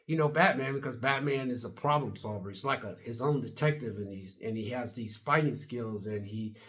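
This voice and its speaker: A man's voice: medium pitch, brisk, fairly bright tone. A man in his late fifties or sixties talking casually to camera in a vlog, rambling and chatty, with casual double negatives. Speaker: video blogger.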